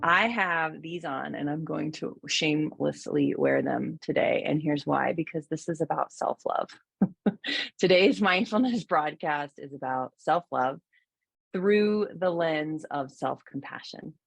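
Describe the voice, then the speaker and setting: A middle-aged woman giving a gentle, reflective mindfulness talk, with soft laughs and fillers. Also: low-pitched, unhurried, vocal fry, breathy edge, no echo. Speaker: mindfulness teacher.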